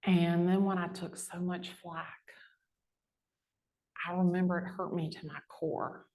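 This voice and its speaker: A woman, a real estate agent giving a chatty, animated storytelling talk to a live audience. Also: lowish voice, unhurried. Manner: chatty, animated storyteller with lively quoted voices.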